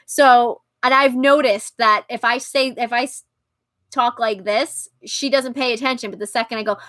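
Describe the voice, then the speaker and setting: A woman hosting a casual live-stream chat, talking loudly and laughing often. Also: sits high, normal speed, dry recording. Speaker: podcast host.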